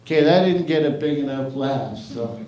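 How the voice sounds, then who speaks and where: A man's voice: mid-range voice, moderate pace, a little mellow. A man hosting an open mic stand-up night, crude, rambling and self-mocking on a stage microphone. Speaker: comedy open mic host. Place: comedy stage in a theater. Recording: echoey live room.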